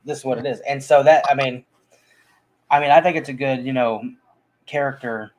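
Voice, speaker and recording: A man's voice: medium pitch, steady tone, moderate pace. A man in casual conversation about a film, talking in a rambling way with frequent restarts and fillers. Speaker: movie podcast co-host.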